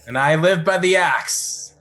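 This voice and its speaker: A man voicing a proud horned male beastkin warrior who speaks slowly and gruffly. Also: fairly high pitch, bright, forceful tone.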